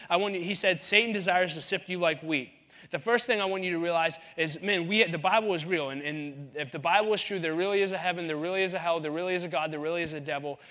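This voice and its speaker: A man's voice: high-pitched, sharp tone. A man preaching a sermon in an earnest, conversational way, often restarting his sentences. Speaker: pastor.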